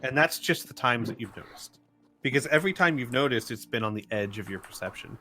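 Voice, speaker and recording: A man's voice: mid-range voice, lively intonation, brisk, bright, forceful tone, a little hiss or hum. A young man running a tabletop game as game master, easygoing and strict about the rules. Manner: easygoing, rules-minded, chatty.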